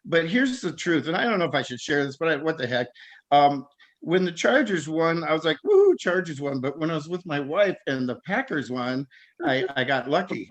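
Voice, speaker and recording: A rambling, stammering comic man from Southern California, riffing over a video call. His voice sits fairly high and he keeps breaking into laughter at his own jokes. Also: lively intonation, fairly quick. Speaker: stand-up comic.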